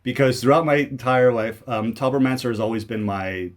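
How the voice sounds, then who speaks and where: A young man from Canada talks loosely over footage of his own old video, in a voice of average pitch. He rambles, laughs at himself and keeps restarting his sentences. It is an easygoing, self-mocking video commentary. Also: a little fast.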